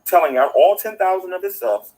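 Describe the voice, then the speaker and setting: A man's voice: high voice, fairly quick, a little mellow, rough recording. A man outdoors ranting into his phone in a livestream, preachy and indignant, repeating himself for emphasis. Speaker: online commentator.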